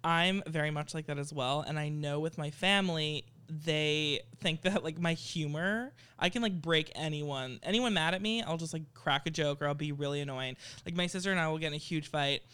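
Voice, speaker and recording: Brief: podcast co-host, woman, smooth clear voice, self-deprecating, laughs easily. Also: deep voice, moderate pace, few pauses, a bit bright. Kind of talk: casual chat.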